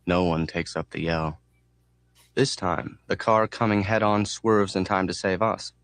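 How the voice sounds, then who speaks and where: A man reading an audiobook in a measured, deadpan way. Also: low voice, no room sound. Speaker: audiobook narrator. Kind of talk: audiobook narration.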